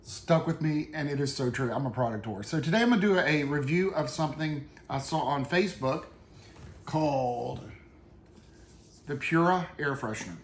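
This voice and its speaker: A man with a slightly high voice chats loosely through an unboxing, easygoing and full of fillers. The room rings with a roomy echo, and a faint noise hums behind him. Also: moderate pace. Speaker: product reviewer and channel host. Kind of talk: casual unboxing chat.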